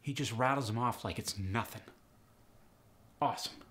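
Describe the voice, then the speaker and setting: A man's voice: mid-range voice, normal speed, a bit bright. A man teaching an accent lesson step by step, upbeat and explanatory, saying example words to show each sound. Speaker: accent coach.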